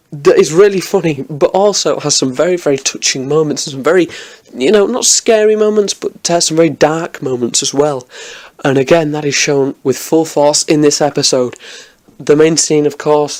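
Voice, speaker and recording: Casual male vlogger, slightly high voice, eager and rambling review delivery. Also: a little mellow. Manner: enthusiastic, rambling with many restarts. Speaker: TV episode reviewer.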